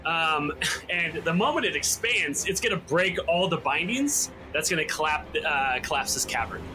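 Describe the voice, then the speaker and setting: A man playing his character in a tabletop game, talking haltingly with many restarts. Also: a little high, lively intonation, music in the background, poor audio. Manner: halting, full of fillers and restarts. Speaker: player. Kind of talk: in-character play.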